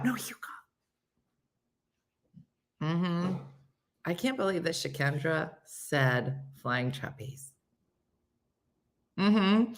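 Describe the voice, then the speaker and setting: A woman hosts a casual live chat and reads out what her viewers write. Her voice sits a little low but swings in a lively way, and her tone is bright and forceful. She plays around with squeaky put-on voices and soft whispers. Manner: animated and playful, jumping into silly high voices and soft whispers. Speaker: host.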